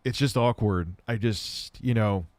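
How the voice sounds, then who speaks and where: Casting: man in his thirties, lowish voice, dry close mic, candid rambling livestream host. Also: a little slow, darkish tone, dry recording. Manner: candid, rambling, self-deprecating storytelling. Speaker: livestream host answering chat questions. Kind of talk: casual livestream chat.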